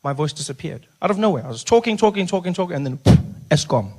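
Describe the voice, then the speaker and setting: A middle-aged man from South Africa performing a stand-up routine, telling a story in an animated way, acting out other voices and dropping to a soft hush for jokes. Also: on the high side, fast talker. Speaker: stand-up comedian. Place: stage.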